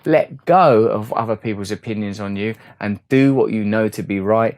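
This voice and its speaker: A man's voice: on the low side, moderate pace, a little mellow. A man giving a rambling, earnest, philosophical monologue on self-help. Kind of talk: reflective monologue.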